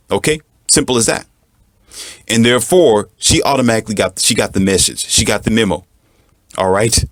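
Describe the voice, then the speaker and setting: A man lecturing as a relationship coach. His voice sits low, and he hammers his points with emphatic repetition. The recording is dry and close, with no room sound. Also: normal speed, no room sound. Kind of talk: lecturing monologue.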